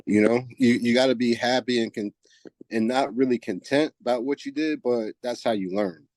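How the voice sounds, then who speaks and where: A man's voice: mid-range voice, moderate pace, darkish tone, no echo. A man in his forties from New Jersey, a guest on a podcast, speaking in a laid-back, reflective way and often saying "you know what I mean". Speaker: guest softball player. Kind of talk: casual interview chat.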